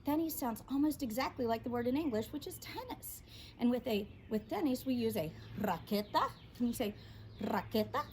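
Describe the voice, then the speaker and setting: A woman's voice: fairly high pitch, animated, brisk, darkish tone, slight background noise. A woman teaching a children's Spanish vocabulary lesson, upbeat and prompting her class to repeat each word.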